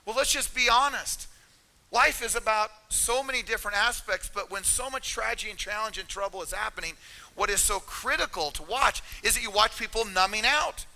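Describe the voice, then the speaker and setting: A middle-aged man with a high, very bright and forceful voice gives a live motivational talk. He talks emphatically and speaks straight to the audience. His voice rings with the long reverb of a big hall. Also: brisk. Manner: energetic, emphatic, addresses audience directly. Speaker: motivational speaker at a real estate seminar.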